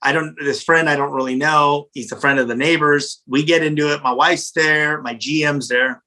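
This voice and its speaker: A middle-aged man, a pizza restaurant owner, telling a story in a casual interview in a blunt, animated, profane way. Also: on the high side, normal speed, poor audio.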